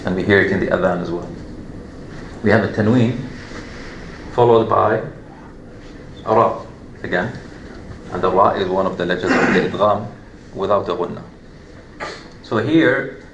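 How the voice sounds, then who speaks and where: In an echoey classroom with a faint hum in the background, a man with a low-sitting voice teaches Quran recitation. He takes a measured pace, patiently walking through each step and repeating his examples.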